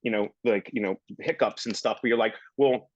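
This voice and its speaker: A man's voice: lowish voice, fairly even intonation, brisk, no room sound, dull audio. A man in his thirties, a guest actor on a casual podcast, telling rambling stories and acting out his own past remarks.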